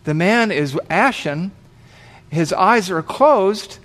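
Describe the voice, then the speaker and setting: A man's voice: high voice, lively intonation, slow pace, a bit bright. A man pastor telling a vivid, dramatic story in his sermon.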